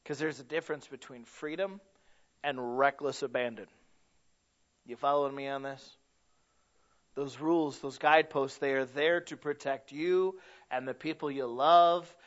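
A man preaching a sermon, telling stories and building to loud, emphatic points. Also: mid-range voice, fairly even intonation, a little slow, pauses often. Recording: dull lo-fi recording.

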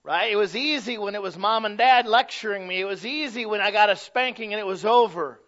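A middle-aged man preaching a sermon, swinging from loud to hushed. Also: high voice, fairly quick, muffled recording. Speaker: pastor.

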